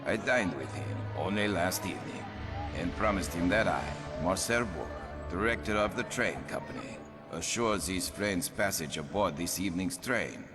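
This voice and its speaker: An imperious director of a train company who speaks in a very deep, low voice. He issues his orders in a formal, commanding manner. Game music plays clearly behind him. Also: animated, moderate pace. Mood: formal, stern.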